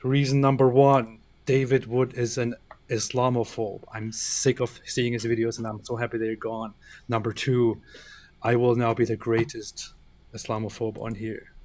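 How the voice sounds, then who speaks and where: Excitable guy co-hosting a stream, playful, a bit low voiced. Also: normal speed. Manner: playful, excitable, repeats himself. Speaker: co-host. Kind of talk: casual livestream chat.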